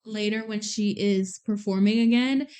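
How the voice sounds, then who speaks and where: A woman podcast co-host chatting casually about a movie, reacting quickly and laughing along. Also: mid-range voice, fairly even intonation, a little mellow, clean tone.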